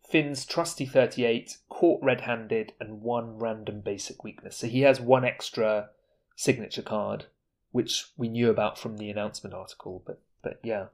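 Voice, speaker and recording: Chatty man talking card games. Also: mid-range voice. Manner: enthusiastic, chatty, quick asides. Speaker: podcast co-host. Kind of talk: casual board game discussion.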